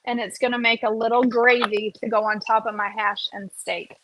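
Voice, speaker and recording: A woman's voice: on the high side, steady tone, a little fast, hardly any pauses, fairly bright tone, no room sound. A woman, chatting casually through a cooking vlog and often checking in with "okay?". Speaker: cooking vlogger.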